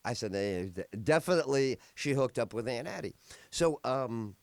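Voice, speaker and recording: Rambling animated man telling stories. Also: medium pitch, moderate pace, no echo. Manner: rambling, animated storytelling with many fillers. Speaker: podcast host. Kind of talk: casual chat.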